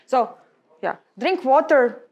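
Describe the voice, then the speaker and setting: A young woman with a Latvian accent, a guest speaker, lectures colleagues on public speaking in emphatic, halting non-native English. Her high voice is expressive, though the audio sounds dull.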